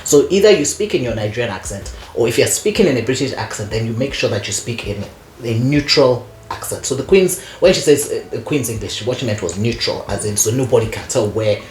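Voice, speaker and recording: Woman, interview guest, animated storytelling, frequent laughs, echoey room recording. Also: rumbling low, fairly quick, few pauses, a little hiss or hum. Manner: animated, laughs often, many "you know" fillers. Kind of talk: conversational storytelling.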